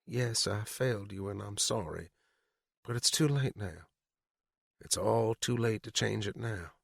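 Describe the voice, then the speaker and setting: A man's voice: mid-range voice, lively intonation, moderate pace, a bit bright, dry recording, clean studio sound, voice pushed up. A man voicing a furious, vengeful mother held captive for decades, who shrieks her accusations in an audiobook. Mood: bitter, regretful. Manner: shrieking, bitter, trembling. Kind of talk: audiobook character reading.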